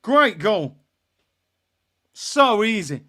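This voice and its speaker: A young man, hosting a live football watchalong and ranting and shouting in exasperation at his team. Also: high voice, big pitch swings, drawn-out words. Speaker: fan watchalong host.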